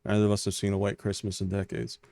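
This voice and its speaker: A male streamer reading video game messages and journal entries aloud in a deadpan, flat delivery. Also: lowish voice, quick pace, creaky.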